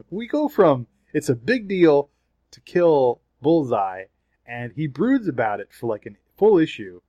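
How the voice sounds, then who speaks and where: A man co-hosting a casual podcast chat, animated, swearing and laughing between points. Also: a little high, unhurried, no echo, lo-fi sound. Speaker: podcast co-host.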